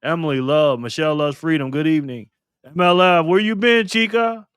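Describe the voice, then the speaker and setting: A man's voice: on the high side, brisk, a bit bright, clean tone, no room sound, clean studio sound. A man hosting a live stream alone at a microphone, upbeat in casual chat, greeting viewers by name and calling them brother and man. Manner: calls people brother and man.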